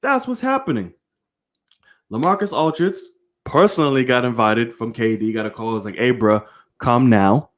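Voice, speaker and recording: Male sports-stream host, lively swinging delivery, heated and profane. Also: medium pitch, moderate pace. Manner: animated, profane, heated opinions; addresses viewers directly. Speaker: host of a live sports show. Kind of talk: live-streamed sports rant.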